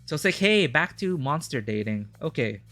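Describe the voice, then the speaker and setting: Chatty man with a bright voice. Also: a little high, sing-song, moderate pace, soft background music. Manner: chatty, rambling, laughs often. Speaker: streamer playing a video game. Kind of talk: casual live gameplay commentary.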